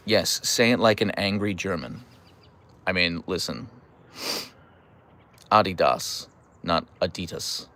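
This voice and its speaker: A man's voice: deep voice, measured pace, bright, forceful tone. A man from Pittsburgh with a Pittsburgh accent, chatting casually on a livestream, reading viewer comments and teasing. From United States. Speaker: livestream host reading chat.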